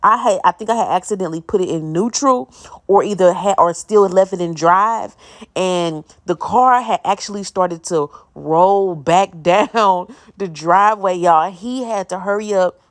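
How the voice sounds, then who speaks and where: A woman's voice: on the low side, a little slow. A woman in her thirties telling a personal story to her viewers in a casual, chatty way, often speaking straight to them and laughing as she goes. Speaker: vlogger.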